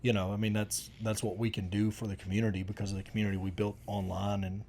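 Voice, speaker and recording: Low-voiced man telling stories. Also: level tone, fast, a little mellow, a little hiss or hum. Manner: folksy rambling storyteller, many restarts. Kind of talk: casual conversation.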